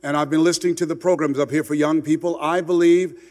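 A man from Miami giving an impassioned motivational speech, repeating words for emphasis and dropping to a hush for stories. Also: on the high side, fairly even intonation, fast, big-room sound. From Miami, United States. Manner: emphatic, repeats words, swings from loud to hushed storytelling. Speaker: motivational speaker.

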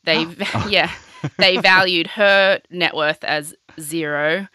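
A young woman hosts a podcast, telling a story in casual, chatty, sweary talk heavy on the filler "like." Her voice is lowish, slow, and fairly even in intonation, with a sharp, clear, resonant tone. There is no room sound.

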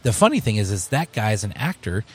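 A man, a bar co-owner, telling stories in a casual interview, animated and full of restarts. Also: on the low side, brisk, slightly rough. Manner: storytelling, animated, many restarts.

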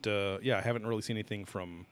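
A man co-hosting a podcast, chatting casually and meandering through his points with plenty of ums and the odd swear word. His voice sits on the low side. The recording is close and dry, with no room sound. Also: steady tone, fast, smooth, no room sound. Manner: rambling, heavy with fillers and casual swearing. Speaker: podcast co-host. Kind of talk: casual chat.

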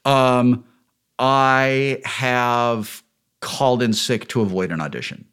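A man's voice: mid-range voice, steady tone, slow, a bit bright, clean tone. A man, an actor, chatting casually as a guest, self-deprecating and full of restarts. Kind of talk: casual chat.

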